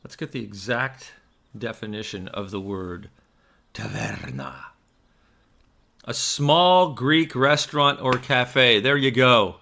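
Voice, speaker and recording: A man's voice: mid-range voice, measured pace, bright, forceful tone. A man who is a stage actor, chatting in a casual vlog in a rambling, self-mocking way into a desk microphone.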